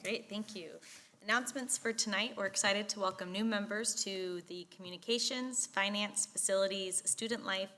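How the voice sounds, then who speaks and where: Woman, vice president, upbeat list-reading, bright voice, reverberant distant sound. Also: medium pitch, normal speed. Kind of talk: reading announcements.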